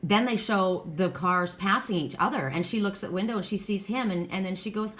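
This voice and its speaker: A woman's voice: medium pitch, brisk, few pauses, fairly bright tone. A middle-aged woman giving a casual tarot card reading, blunt and emphatic, who swears freely.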